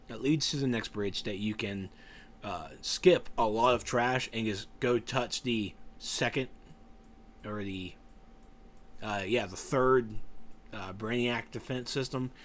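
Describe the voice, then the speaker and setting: A man's voice: fairly low pitch, takes it slowly, a bit bright, a little hiss or hum. A tired, yawning man giving casual, rambling commentary over a game raid walkthrough, joking and trailing off as he tries to recall names. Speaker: gameplay guide commentator.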